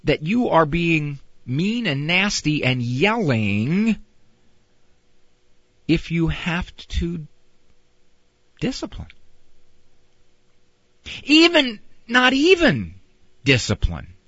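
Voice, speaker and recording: A middle-aged man speaks slowly in a husky, bright voice that swoops wildly up and down. He talks about parenting in a casual, drawn-out monologue. The recording is dry and a little dull. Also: on the high side, wildly swooping pitch, dry recording.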